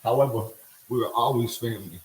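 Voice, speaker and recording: A man's voice: medium pitch, brisk, roomy sound, a little hiss or hum, low-quality recording. A middle-aged man rambling in casual livestream talk while he cooks, slangy and laughing often. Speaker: livestream host.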